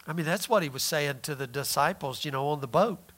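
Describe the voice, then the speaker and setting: A man pastor preaching a sermon, swinging between loud emphatic lines and hushed, near-whispered ones. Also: a little high, a little fast, few pauses.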